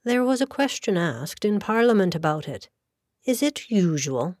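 A woman's voice: mid-range voice, very animated, moderate pace, darkish tone, no room sound, clean studio sound, lightly acted. A woman voicing a brusque young male lawyer who speaks rudely and sardonically, in an audiobook. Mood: thoughtful. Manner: blunt, sardonic.

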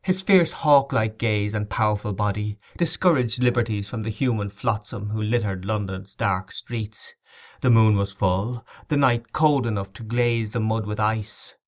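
A man narrating an audiobook novel in a measured, dramatic reading. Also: lowish voice.

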